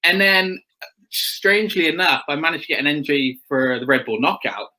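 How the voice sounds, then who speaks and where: A man's voice: on the high side, moderate pace, sharp tone, low-quality recording. A young man chatting casually as a guest, telling stories with frequent laughs and acted-out quotes. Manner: chatty storyteller, laughs often, acts out quotes. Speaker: guest motocross rider. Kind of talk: casual chat.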